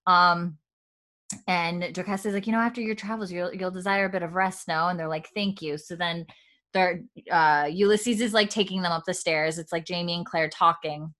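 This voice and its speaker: A woman hosting a casual podcast, walking through a TV episode scene by scene. Her voice sits a bit low, and she quotes the lines with plenty of fillers and frequent laughs. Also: steady tone, normal speed, fairly bright tone. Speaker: podcast host recapping a TV episode. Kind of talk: casual chat.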